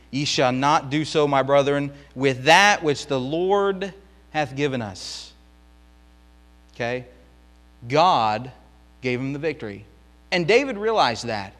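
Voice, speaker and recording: A man teaching a Bible lesson in Sunday school, reading verses aloud and swelling into loud, impassioned pleading. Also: medium pitch, big-room sound.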